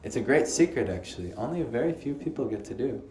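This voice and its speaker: Man, spiritual teacher, lively lecture, questions the audience, roomy echo, faint background hum. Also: mid-range voice, fast talker. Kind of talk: lecture on scripture to a small group. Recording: echoey room, faint ambience.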